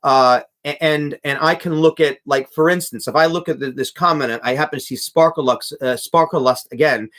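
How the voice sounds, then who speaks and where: A man's voice: a little high, moderate pace, hardly any pauses, a bit bright. A young man, a music teacher, hosting a live stream, reading chat comments aloud and talking casually with many restarts and fillers.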